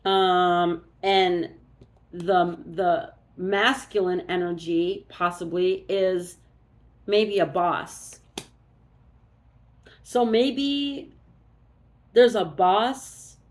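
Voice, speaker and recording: A woman's voice: fairly low pitch, extremely slow, long pauses. A woman doing a casual oracle card reading, musing aloud and thinking as she goes.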